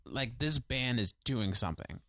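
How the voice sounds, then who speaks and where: A man's voice: medium pitch, expressive, moderate pace, bright, forceful tone, dry recording, studio quality. A young man co-hosting a podcast in casual chat, enthusiastic, swearing freely and saying "like" a lot. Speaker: podcast co-host.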